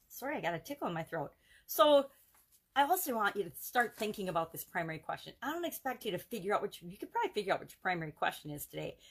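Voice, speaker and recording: A woman with a slightly low voice coaches her viewers in a live video. She talks earnestly and conversationally and rattles off examples in rhythmic runs. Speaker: self-help challenge coach.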